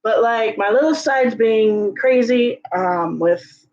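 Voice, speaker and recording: A woman with a strained, sick-sounding voice talks casually at home, her speech rambling and full of fillers. Her voice sits a little high, and the recording is dull and lo-fi. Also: slow pace, a little mellow. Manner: rambling, many fillers, coaxes cat in high sing-song calls. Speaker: vlogger. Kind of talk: casual vlog chat. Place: home closet, indoors.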